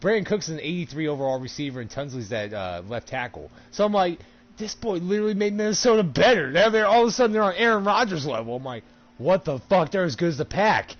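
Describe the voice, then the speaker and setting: A man chatting casually while gaming, animated and profane, laughing often. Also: sits high, quick pace, lo-fi sound.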